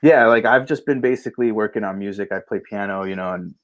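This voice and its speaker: A man's voice: fairly low pitch, fast. A man co-hosting a podcast remotely, chatting loosely and rambling with lots of fillers and swearing. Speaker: podcast co-host. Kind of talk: casual chat. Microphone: remote call setup.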